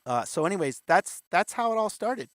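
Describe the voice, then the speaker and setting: A man's voice: high voice, very animated, normal speed, fairly bright tone, dry recording. A man in his fifties, a guest in an interview, telling his story candidly and acting out the voices of the people he quotes. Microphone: video call.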